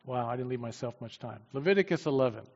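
A man preaching a sermon with emphasis, swinging from loud declarations to quiet asides. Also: mid-range voice, lively intonation, quick pace. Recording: dull, long-reverb hall sound.

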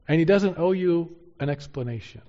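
Guy preaching a sermon, bit high voiced, hammers phrases over and over, muffled lo-fi audio. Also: normal speed, mellow. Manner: emphatic, repeats key phrases for stress. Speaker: pastor.

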